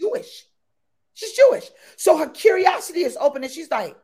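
A woman guest in an interview chat, talking exuberantly and repeating her phrases with excited bursts. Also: very high-pitched, fairly quick. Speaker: podcast guest.

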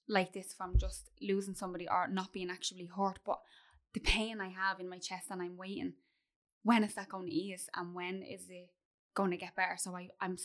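A woman speaking earnestly in a conversation about grief, with many "like" fillers. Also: medium pitch. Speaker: guest.

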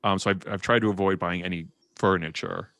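Brief: young man co-hosting a casual chat, low-pitched, very dry sound, lively storyteller. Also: fairly quick, gravelly, dry recording. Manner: animated, restarts, acts out quotes.

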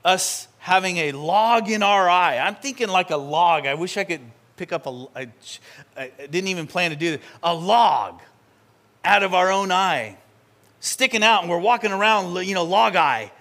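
Man, preacher, slightly high voice, lively storytelling, church sermon. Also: moderate pace. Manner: animated, conversational, acts out scenes. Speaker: pastor. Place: church sanctuary.

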